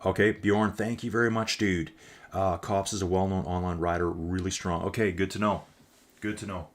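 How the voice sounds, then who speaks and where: A man with a low voice gives casual live-stream commentary on an online cycling race. He rambles in a chatty way, calls his viewers folks and answers the chat as he goes. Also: steady tone, normal speed.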